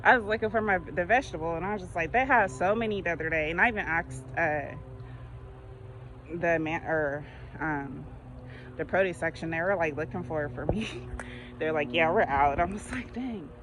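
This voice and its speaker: A woman's voice: lowish voice, moderate pace, noisy background. Laughing woman walking outdoors. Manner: rambling storyteller, laughs often. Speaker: vlogger. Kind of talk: casual chat.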